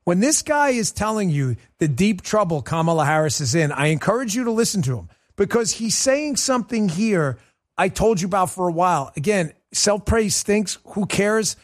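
A man's voice: high-pitched, big pitch swings, moderate pace. A man hosting a political talk show, delivering a combative, mocking monologue with lots of repetition.

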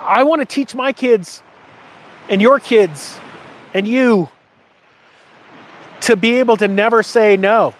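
A man talking casually to his viewers, telling an animated personal story and asking the audience motivational questions. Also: slow, long pauses, slight background noise. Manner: animated storytelling, rises in pitch for quoted lines. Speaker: host.

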